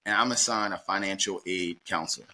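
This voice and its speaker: A middle-aged man from Baltimore tells a personal story as an interview guest. His voice sits low but comes out bright and forceful. He keeps it animated and slips into the other people's lines as he goes. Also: a little fast. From Baltimore, USA. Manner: lively anecdotal, acts out dialogue.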